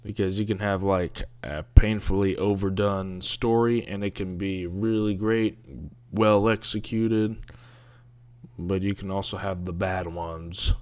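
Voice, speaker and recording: Slow, low-voiced man grumbling sarcastically. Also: fairly even intonation, darkish tone, smooth, no room sound. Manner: sarcastic, grumbling, with mocking asides. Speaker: video commentator. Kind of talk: casual rambling commentary.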